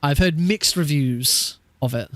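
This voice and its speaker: A man's voice: on the high side, a little slow, fairly bright tone, no room sound. A man chatting casually on a live stream while practicing a speedrun, laughing often and swearing offhandedly.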